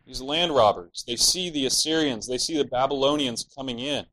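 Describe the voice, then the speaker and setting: A man's voice: medium pitch, moderate pace, bright, forceful tone, rough recording. Man preaching an expository sermon. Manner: earnest expository preaching, rising to mock the villains' laments.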